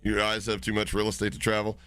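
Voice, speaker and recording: A man streaming live, chatting casually with his viewers, swearing freely and getting excited as he reacts to chat. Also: fairly low pitch, quick pace, clean tone, no room sound, faint music behind.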